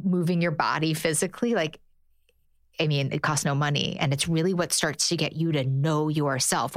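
A middle-aged woman, a therapist on a podcast, talking in an earnest, animated way and voicing her own inner thoughts. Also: deep voice. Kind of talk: casual chat.

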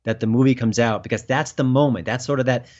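A man being interviewed as a film critic, talking emphatically and rising in pitch when indignant. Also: steady tone, quick pace, darkish tone. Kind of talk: political interview. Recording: dull lo-fi sound.

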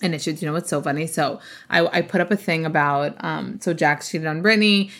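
She's a young podcast co-host talking casually, rambling along with plenty of fillers. Her low voice moves at a quick pace and has a slightly bright quality.

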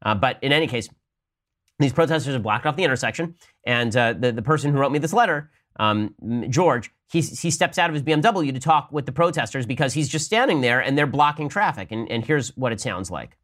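A male podcast host in the middle of his range, talking politics at a rapid clip. His delivery is argumentative and pointed, with the pitch climbing whenever he presses a point. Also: expressive, a bit bright. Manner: rapid-fire, argumentative, rising emphatic pitch when making a point. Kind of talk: fast political commentary.

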